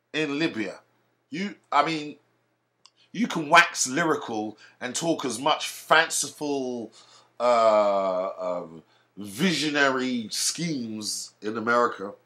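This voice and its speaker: A man's voice: medium pitch, a bit bright. A man delivering an indignant, emphatic monologue rant to camera, repeating his points. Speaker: video blogger.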